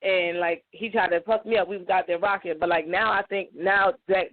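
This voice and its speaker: Male co-host, high voice, halting talk, phone-quality sound. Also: fairly even intonation. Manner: jumps in, talks in halting restarts. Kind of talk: casual radio talk.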